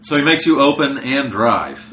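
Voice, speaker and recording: Bright-voiced host with joking quips. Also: male voice, mid-range voice, big pitch swings, slight background noise. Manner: quick joking interjections. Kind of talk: casual chat.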